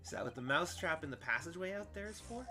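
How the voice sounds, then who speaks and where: A man's voice: fairly high pitch, animated, very fast, lightly acted. A man voicing an earnest young lawyer in a plain, polite, questioning voice.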